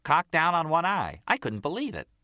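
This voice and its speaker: Up in a high, darting voice, a man reads as a brash young mob girlfriend in an audiobook, gossipy and wheedling. The sound is dry and close. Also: wildly swooping pitch, moderate pace, pushed and bright, no echo, heavily acted.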